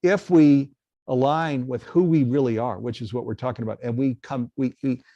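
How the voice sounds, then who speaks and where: A man with a mid-pitched voice hosts a live online talk in an earnest, easygoing way. His voice is recorded close and dry, with no room sound. He pauses on fillers as he sets up questions for his guest. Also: steady tone, dark tone, dry recording, highs cut off. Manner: earnest, reads viewer questions. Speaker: host. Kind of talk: casual live webcast talk.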